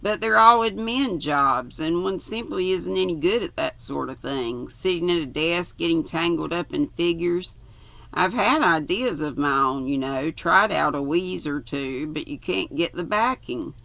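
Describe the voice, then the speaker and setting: A restless, brooding ex-pilot rambles on in a grumbling way, read by an older Southern woman. The voice is gravelly and bright, with a dry, close sound. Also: on the low side, lively intonation, measured pace, no echo, exaggerated voice. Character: restless middle-aged British ex-pilot, brooding.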